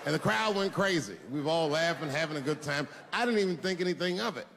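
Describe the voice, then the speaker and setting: A man doing a stand-up comedy set on a large theater stage, telling a loose story that swings from low mutters to shouted punchlines. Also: expressive, fast talker, vocal fry, crowd noise, background noise. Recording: live stage sound in a big reverberant hall.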